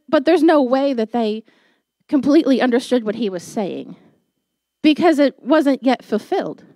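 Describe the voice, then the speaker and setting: A woman pastor giving a sermon, telling a personal story in a chatty, animated way and laughing at herself. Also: high-pitched, dry recording.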